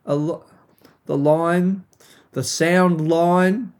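A young man rants in a loose podcast monologue, swearing freely and breaking into yelling. His voice sits a little high for a man. The home mic clips when he raises it. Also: extremely slow. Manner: profane, animated ranting, frequent yelling. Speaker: podcast host. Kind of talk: casual solo rant. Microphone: home mic recorded into laptop software, clipping.

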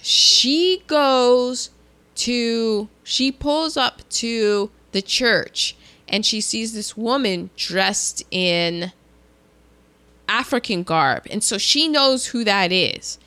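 A woman in casual chat, recapping a film with animated storytelling. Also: a little high, extremely slow. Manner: animated storytelling, acts out quoted lines, laughs often.

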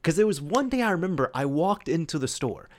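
A man's voice: on the high side, sing-song, brisk. A young man hosting a solo podcast, telling rambling stories in a chatty way, full of fillers. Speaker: podcast host. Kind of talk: solo casual storytelling.

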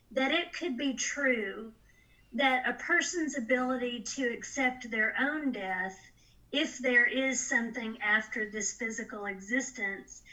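Higher bright voiced woman, earnest and emotional, casual film talk. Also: rough recording. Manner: emotional, earnest, quick to laugh. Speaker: podcast co-host.

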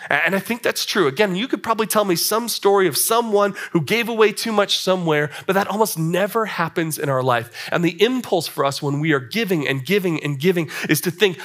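Bright-voiced animated young male preacher. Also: a little high, brisk, few pauses. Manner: animated, repeats words when starting, acts out quotes. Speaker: young adult ministry pastor. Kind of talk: sermon.

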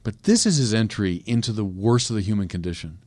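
A man preaching a sermon, swinging from quiet reflection to loud emphatic peaks. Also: on the low side, lively intonation, brisk, no room sound. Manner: reflective, with small restarts and hesitations. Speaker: priest preaching.

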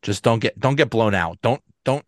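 A man hosting a casual sports podcast, relaxed and chatty, laughing often. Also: mid-range voice, normal speed, no echo, clean studio sound. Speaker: podcast host.

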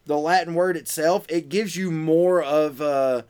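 A man's voice: a little high, unhurried, darkish tone, smooth. A man co-hosting a podcast in casual chat, laid-back and teasing. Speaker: podcast co-host.

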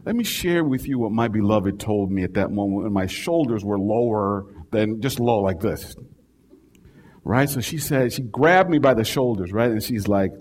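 A man's voice: medium pitch, big pitch swings, normal speed, slight background noise. Storytelling preacher man. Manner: conversational, keeps asking "right?". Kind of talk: storytelling sermon.

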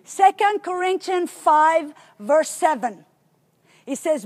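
A woman's voice: sits high, animated, moderate pace. A woman preacher teaching a sermon, telling a story with animation and emphasis.

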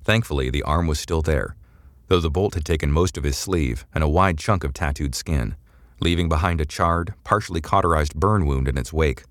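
Deep-voiced male narrator for a sci-fi audiobook, measured and dramatic, dry close mic. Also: no echo. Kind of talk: scripted narration.

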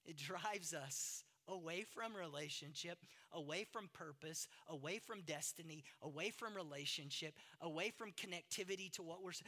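A middle-aged male pastor preaching a sermon, dramatic, moving from loud emphasis to hushed asides. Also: a little high, moderate pace, hardly any pauses.

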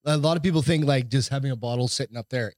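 A man's voice: mid-range voice, fast, dry recording, clean studio sound. A man co-hosting a casual podcast, rambling and swearing freely as he tells a story. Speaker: podcast co-host. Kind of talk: casual chat.

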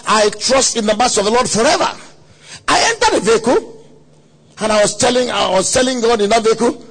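A man preaching a sermon at a conference, telling a story dramatically with quoted voices and sudden shouts. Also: very high voice, animated, a little fast, gravelly. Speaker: pastor. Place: conference hall.

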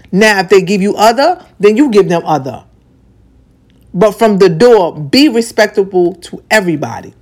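A woman in her forties, a radio personality, giving a blunt, profane personal monologue that mixes soft lines with punchy, repeated emphasis. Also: on the low side. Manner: swings between soft and punchy delivery.

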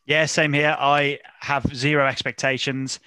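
A man's voice: medium pitch, level tone, unhurried, bright, forceful tone, clean tone, no room sound. A man hosting a casual football podcast, teasing his guests and laughing often. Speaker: podcast host.

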